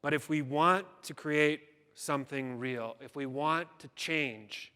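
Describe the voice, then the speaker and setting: A man's voice: fairly high pitch, slow, pushed and bright, clean tone. Man telling a story in a reverberant hall. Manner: dramatic storytelling with quoted voices. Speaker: keynote speaker. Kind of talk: storytelling keynote speech.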